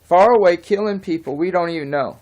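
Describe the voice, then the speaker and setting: A man's voice: high-pitched, fairly quick, darkish tone. A man delivering an unscripted opinion rant as a vlogger, heated and rambling, swearing at times and drifting off track. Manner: swears and apologizes.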